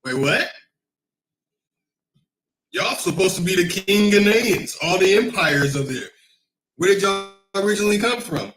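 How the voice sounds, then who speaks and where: A man's voice: sits high, lively intonation, measured pace, long pauses, fairly bright tone, slight background noise, rough recording. A man hosting a casual livestream, talking in a rambling, emphatic way, often repeating himself and reading comments from the chat. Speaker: livestream host.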